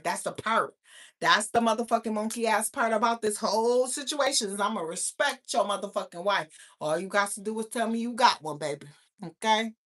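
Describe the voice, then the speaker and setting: Loud, profane woman in her thirties. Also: medium pitch. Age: 30s. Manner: loud, profane, laughing, talks straight to viewers. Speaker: livestream host. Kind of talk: casual live chat with viewers.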